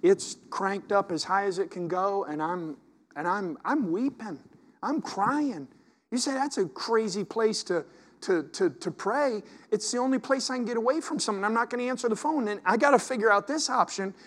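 Man, pastor, sermon, high voice, impassioned, shifts between hushed and loud. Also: expressive, normal speed.

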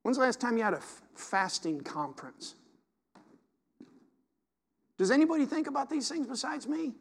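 A man preaching a sermon as pastor, swinging from hushed asides to loud, impassioned exhortation. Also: very high voice, very animated, moderate pace, creaky, breathy edge.

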